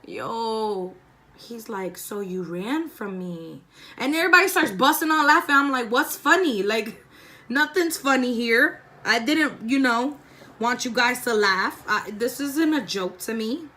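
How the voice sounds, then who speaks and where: At home doing her makeup, a young woman vlogger tells an animated, profanity-laced storytime and acts out the voices of the people involved. Her voice is fairly high and a little slow, with a slight hiss or hum on the recording.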